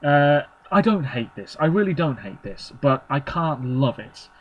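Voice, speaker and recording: A man giving opinionated solo commentary, chatty and sarcastic, with quick verdicts in short clipped phrases. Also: fairly high pitch, animated, muffled recording. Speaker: Eurovision commentator.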